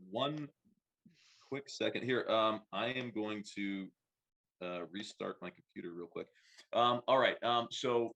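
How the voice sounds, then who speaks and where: A man narrating a tabletop game as game master, describing scenes with many halting fillers. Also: mid-range voice, a bit bright. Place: home, online stream.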